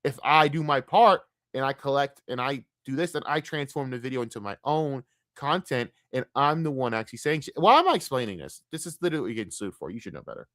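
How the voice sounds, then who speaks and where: A man's voice: medium pitch, big pitch swings, fast, a bit bright, dry recording, clean studio sound. A male streamer delivering blunt, profane, repetitive ranting commentary while reacting to a video.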